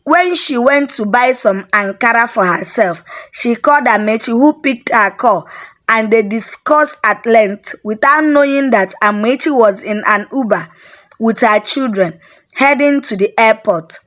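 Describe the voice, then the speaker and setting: A woman with a Nigerian accent narrating a folk tale in a steady storybook manner. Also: a little high, unhurried.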